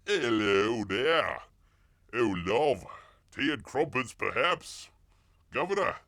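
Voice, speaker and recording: A man's voice: medium pitch, animated, takes it slowly, gravelly, pushed and bright, dry recording, clean studio sound, exaggerated voice. A man putting on an over-the-top fake Cockney accent as a jokey British greeter, in an exaggerated singsong way. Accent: mock Cockney English.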